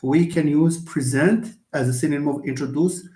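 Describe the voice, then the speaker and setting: A man leads a live English lesson, patiently repeating examples and answering students by name. His voice sits a little high. The room around him sounds echoey. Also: moderate pace, mellow. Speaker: English teacher.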